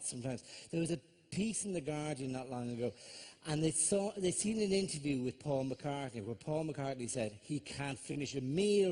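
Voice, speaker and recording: A man's voice: on the high side, a little mellow. A man with an Irish accent doing live stand-up comedy, telling chatty stories and often tagging his lines with "right?".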